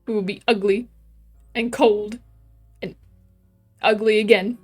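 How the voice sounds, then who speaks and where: A woman's voice: fairly high pitch, moderate pace, faint music behind. A woman streaming a game, chatting casually and playfully reading the characters' lines aloud in light voices.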